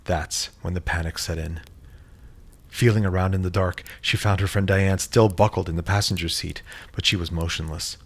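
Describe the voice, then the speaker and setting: A man reading a horror story in a measured, dramatic storytelling manner. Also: low-pitched, fairly even intonation, husky. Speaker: narrator. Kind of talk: scripted horror story narration.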